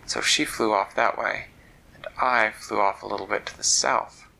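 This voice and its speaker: A man's voice: on the low side, steady tone, normal speed, vocal fry, bright, forceful tone, poor audio. A man telling a fantasy story aloud, leisurely and repeating words for effect. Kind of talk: oral storytelling.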